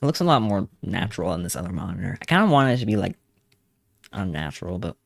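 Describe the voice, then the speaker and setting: A man's voice: lowish voice, lively intonation, brisk, vocal fry, no room sound, clean studio sound. A young man streaming, chatting casually and rambling with laughs while he draws. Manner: rambling, laughing, hums along to songs. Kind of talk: casual livestream chat while drawing.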